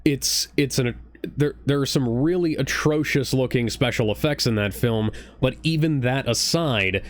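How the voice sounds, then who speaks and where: A man co-hosting a streamed reaction chat, talking in long earnest runs that double back on themselves. His voice sits at a middle pitch and sounds dry and close. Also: a little slow, no room sound. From Ohio. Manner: rambling, restarts often, earnest. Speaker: podcast co-host. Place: home streaming setup.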